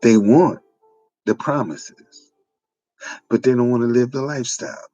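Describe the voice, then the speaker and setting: A man's voice: mid-range voice, measured pace, dark tone, lo-fi sound. A man, delivering an informal preaching monologue with repetitive, emphatic phrasing. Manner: repetitive, emphatic, folksy street-preacher cadence. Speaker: online preacher.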